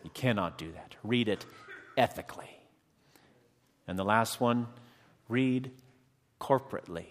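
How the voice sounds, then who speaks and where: A man's voice: lowish voice, unhurried, pauses often. A man preaching a sermon as pastor, addressing his congregation and calling out for amens. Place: church sanctuary. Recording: long hall reverb.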